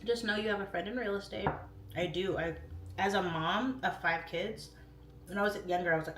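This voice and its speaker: A woman in her thirties hosting a casual livestream, chatting openly and jumping up in pitch when she quotes herself. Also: brisk, roomy sound, slight background noise. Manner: chatty, expressive, pitch jumps up for quoted voices. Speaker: livestream host.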